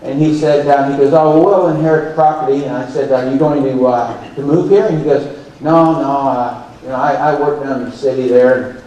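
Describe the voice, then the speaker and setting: A man's voice: mid-range voice, normal speed. A man giving a live talk at a conference, telling stories and acting out quoted dialogue. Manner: animated storyteller who acts out quoted dialogue. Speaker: conference speaker. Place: large conference hall. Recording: very echoey hall, heard from far off. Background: audience laughter.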